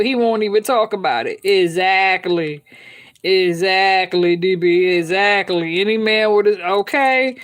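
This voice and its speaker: A woman hosting a live stream, talking bluntly and with heavy swearing, laughing often and reading out viewer comments. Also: mid-range voice. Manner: blunt, profane, laughs often, keeps checking in with listeners. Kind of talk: candid unscripted live-stream chat.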